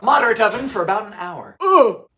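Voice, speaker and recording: A young man hosting a vintage baking show, narrating recipes with dry sarcastic jokes and sudden shouted outbursts. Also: high voice, sing-song, fairly quick, heavy background noise. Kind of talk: comedic cooking narration.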